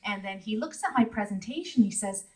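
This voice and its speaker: A woman's voice: medium pitch, brisk. Chatty woman speaking from a distance. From Canada. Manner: chatty, laughs often, voice rises when animated. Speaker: guest speaker. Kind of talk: speaking to a live audience. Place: event hall. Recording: distant mic in a hall.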